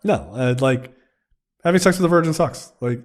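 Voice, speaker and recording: Male podcast co-host, casual, animated scene recaps with character voices. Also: fairly high pitch, moderate pace. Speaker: film review podcast co-host. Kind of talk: casual film review chat.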